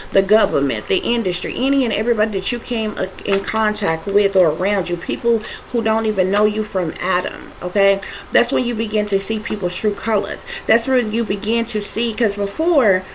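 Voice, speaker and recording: A woman's voice: mid-range voice, a little hiss or hum, low-quality recording. A woman giving a spiritual tarot reading, talking emphatically in long repetitive lists with frequent cursing. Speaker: tarot reader.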